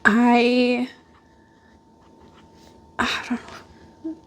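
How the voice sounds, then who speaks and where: Slow, chatty woman vlogging from home. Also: on the high side, completely flat delivery, a bit bright. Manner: rambling, chatty, with frequent fillers. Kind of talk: casual chat. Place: at home indoors by a glass door.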